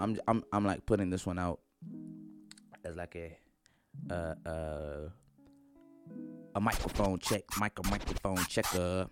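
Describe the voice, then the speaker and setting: A young man vlogging from his bedroom into a studio microphone, joking and rambling in slang with lots of fillers. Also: sits low. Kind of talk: casual rambling vlog.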